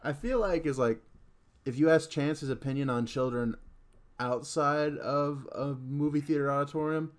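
A man's voice: on the high side, normal speed. Laid-back man chatting on a podcast. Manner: chatty, laughs while talking. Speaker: podcast co-host. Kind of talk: casual movie chat.

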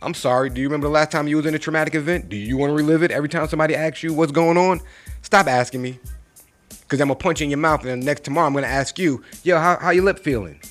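A man's voice: a little high, fairly even intonation, rapid-fire. A man rants to his listeners in loose street slang. He lectures hard and fires rhetorical questions. Faint music plays underneath. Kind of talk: casual motivational rant to camera.

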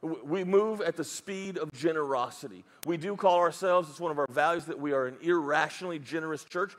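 Pastor guy w/ a twang, high voice, goofy asides mid sermon. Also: fairly quick. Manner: lively storytelling with playful asides and put-on voices.

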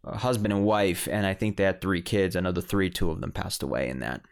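A woman's voice: extremely low pitch, brisk, gravelly. A man voicing an elderly woman neighbor in her seventies, chatty and matter-of-fact. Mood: sad. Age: 70s.

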